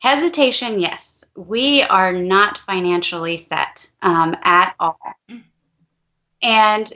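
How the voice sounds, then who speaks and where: A woman's voice: mid-range voice, slow pace, pushed and bright, muffled recording. A woman, a parent of a child with special needs, talking in an interview in an earnest, heartfelt way and repeating herself for emphasis. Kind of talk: emotional testimonial interview.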